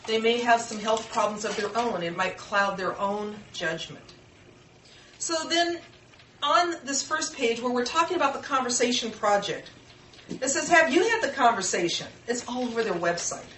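A woman's voice: on the high side, animated, normal speed, a bit bright, slight background noise. An older woman presenting an informal workshop, speaking earnestly and conversationally, and acting out the voices of family members. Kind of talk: informal class talk. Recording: echoey room from far off.

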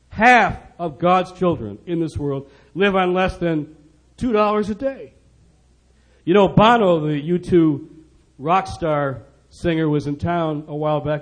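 A middle-aged man preaching an impassioned sermon, pressing his points with repetition and loud emphasis. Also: a little high. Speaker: preacher speaking on poverty. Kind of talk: sermon-style speech.

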